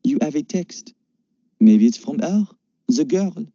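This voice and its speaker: A secretive young French woman speaks in short, cold lines and does not waste words, a man putting her on. Her tone is raised above the reader's own and sounds dark and dull. The audiobook recording is dry and lo-fi. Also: a little high, expressive, takes it slowly, slightly rough, dry recording, pitched above the performer's own voice, heavily acted. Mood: curt. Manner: curt, guarded, quietly threatening. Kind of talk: audiobook character voice.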